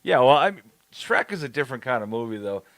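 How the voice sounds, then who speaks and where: A man's voice: mid-range voice, big pitch swings, fast talker, a bit bright, no room sound. Crude, laughing New man. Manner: crude, swearing, laughing often. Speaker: podcast co-host. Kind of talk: casual chat.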